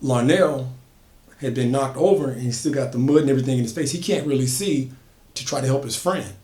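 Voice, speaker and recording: Man, casual horror storytelling, repeats phrases for emphasis, mid pitch, roomy echo. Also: fairly quick, dark tone. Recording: echoey room.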